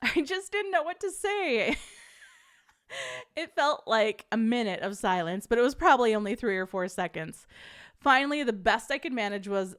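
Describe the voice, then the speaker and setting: Young woman host, slightly high voice, laughs a lot, casual live-chat storyteller. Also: moderate pace. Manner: laughs often, animated storytelling. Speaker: podcast host reading stories.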